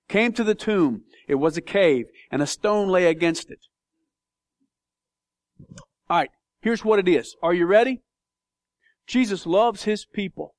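A man's voice: sits high, no room sound, studio quality. A man preaching a sermon, passionate and emphatic, with big swings in intensity. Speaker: pastor.

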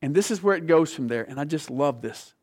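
A man preaching a sermon, retelling a scripture story with lively, animated delivery, acting out the voices and dropping to soft, dramatic lows. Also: fairly quick.

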